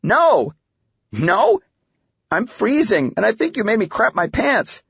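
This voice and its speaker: A man voicing a teenage girl who is playful and incredulous toward her father, speaking in a high, teasing voice. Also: big pitch swings, measured pace, creaky, a bit bright, breathy edge, no echo, heavily acted. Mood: shivering, complaining. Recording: dull, muffled audiobook recording.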